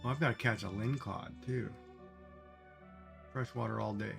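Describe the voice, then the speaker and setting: A man's voice: on the low side, normal speed, vocal fry, music in the background. A man chatting casually with viewers while playing a game on a livestream, musing aloud about food. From Canada. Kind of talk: casual chat while gaming.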